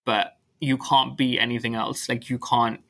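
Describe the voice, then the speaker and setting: A young adult man, a guest author in a casual podcast chat, talking quickly and animatedly and laughing often. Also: mid-range voice, little pitch movement, vocal fry, pushed and bright.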